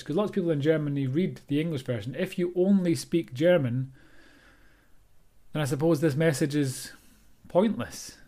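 Rambling Scottish man, mellow voice. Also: medium pitch. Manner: rambling, self-deprecating, chatty. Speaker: author and podcast host. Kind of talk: casual solo podcast monologue.

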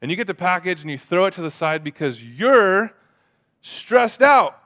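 High-voiced pastor preaching casually. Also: male voice, normal speed. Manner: casual, animated preaching with acted-out quotes. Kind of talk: sermon.

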